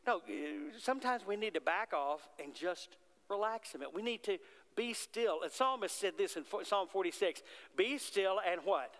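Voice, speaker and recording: A man's voice: high-pitched, animated, moderate pace, fairly bright tone. A man preaching a sermon as pastor, in a conversational way, often asking the congregation questions. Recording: long hall reverb.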